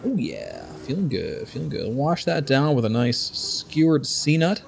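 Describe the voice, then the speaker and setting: A male gaming streamer banters with his chat, joking and swearing as he plays. He speaks a little slowly in a sing-song, medium-pitched voice with vocal fry, and there's a slight hiss or hum.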